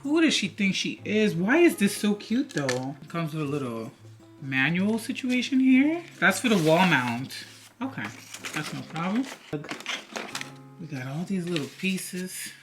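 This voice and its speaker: A woman's voice: fairly low pitch, sing-song, a little slow, music in the background. A young woman vlogging a dramatic unboxing, theatrical and sassy, chatting straight to her viewers.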